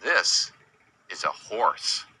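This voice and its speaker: A man teaching young children about animals in a slow sing-song way, imitating animal sounds and asking them questions. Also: on the low side, sing-song, bright, forceful tone, slightly rough, poor audio. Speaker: children's educator.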